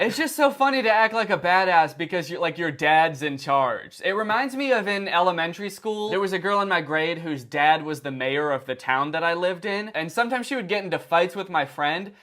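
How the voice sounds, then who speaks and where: A man doing comedic commentary on short videos, sarcastic and incredulous with deadpan asides. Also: high-pitched. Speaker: commentary YouTuber.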